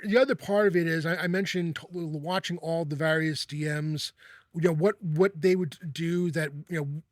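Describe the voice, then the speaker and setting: A man hosting a casual chat, talking in halting bursts with many restarts and repeated words. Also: on the high side, a bit bright, dry recording, clean studio sound. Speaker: host.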